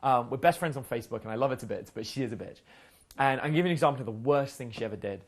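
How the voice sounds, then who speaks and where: Talking rapid-fire in a medium-pitched voice, a man acting as a dating coach rambles through casual stories. He's blunt and profane, voicing the lines of each person he describes.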